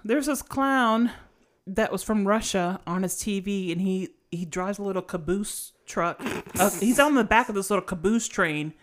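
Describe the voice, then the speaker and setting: A woman's voice: mid-range voice, normal speed. A woman from Cuba co-hosting a podcast, chatting casually in a rambling way full of "you know". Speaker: podcast co-host. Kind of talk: casual chat.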